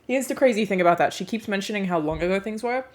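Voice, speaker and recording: A woman's voice: medium pitch, lively intonation, fast talker. A woman streamer reacting live on her stream, blunt and emotional, swearing freely.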